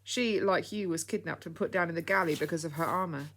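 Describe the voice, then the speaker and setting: Earnest young boy, excitable, eager, storybook, as a woman narrator voices him. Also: lowish voice, fast talker, a little hiss or hum, lightly acted.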